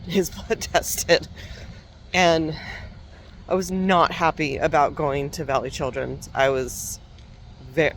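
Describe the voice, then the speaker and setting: A woman with a fairly low voice tells a personal story slowly and candidly, pausing to reflect and laughing softly now and then. Faint outdoor traffic hums behind her. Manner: reflective and unhurried, with soft laughs and restarts. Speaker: parenting coach.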